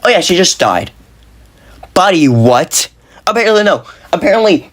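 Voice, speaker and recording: Excitable young man ranting a review. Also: high voice, moderate pace, long pauses. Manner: excitable, frustrated rant full of slang and fillers; animated, voice jumps up when exasperated. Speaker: movie reviewer. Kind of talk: casual ranting video review.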